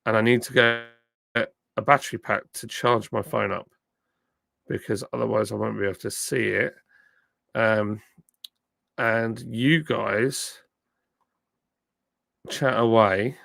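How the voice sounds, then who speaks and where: A middle-aged man from the south of England, his southern English accent softened by years in the north, chatting casually on a live stream and reading out viewer comments. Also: medium pitch, vocal fry, no room sound, studio quality. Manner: chatty, thanking viewers by name, frequent ums and uhs. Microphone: phone with a plug-in mic.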